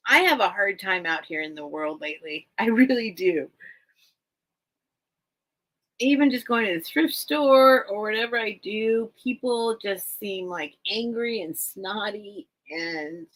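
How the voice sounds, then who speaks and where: A woman's voice: mid-range voice, low-quality recording. A woman hosting a live vintage sale stream, chatting casually with viewers and her cat and getting easily sidetracked. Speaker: live sale host selling vintage items.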